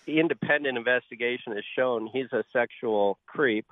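A man calling a radio show, laying out his point in a deliberate way. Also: medium pitch, no echo. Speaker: caller. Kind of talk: radio call-in. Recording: phone line into radio show.

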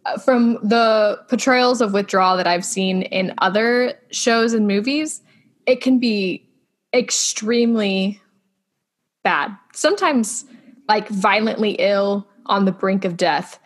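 A woman's voice: mid-range voice, measured pace. Chatty woman podcast co-host. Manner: chatty, self-deprecating, questioning. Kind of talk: casual chat recapping a TV episode.

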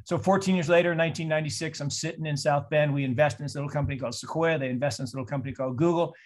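Older man, 60s, from Seattle, lively investor talk on a call, slightly higher voice. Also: very fast. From Seattle, USA. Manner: animated storytelling with mock voices. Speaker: investor speaker. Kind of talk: presentation on a call.

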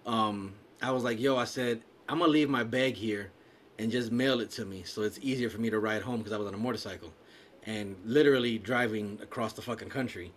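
A man's voice: fairly low pitch, brisk, a little hiss or hum. A man in casual chat, telling a story with lots of swearing and acted-out quotes. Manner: profane, animated storyteller acting out quotes. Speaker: podcast co-host telling a story.

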